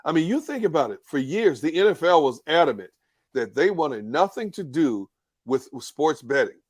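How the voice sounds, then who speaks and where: A man on a casual sports talk panel, talking in a measured way and often repeating words as he starts a sentence. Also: on the high side, very animated, slightly rough, no room sound, studio quality.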